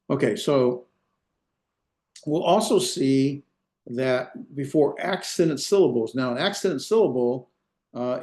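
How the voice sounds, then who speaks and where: A man's voice: mid-range voice, darkish tone. Middle-aged man, language teacher, hesitant with fillers and self-corrections, roomy echo. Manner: self-deprecating humor. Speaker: Hebrew instructor. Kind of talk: recorded online class lecture.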